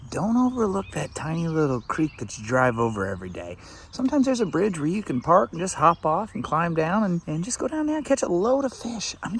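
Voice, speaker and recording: A gravelly-voiced man vlogging as he fishes, his pitch swinging all over the place as he gets excited. He chats away casually and coos at the fish on his line, outdoors by a creek with faint noise behind him. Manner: excitable, chatty, talks to the fish. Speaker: fishing vlogger. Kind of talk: casual on-the-spot fishing vlog.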